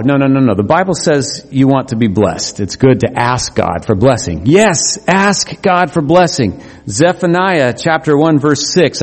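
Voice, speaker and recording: A middle-aged man preaching a sermon as pastor, animated, climbing to emphatic highs. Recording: long hall reverb.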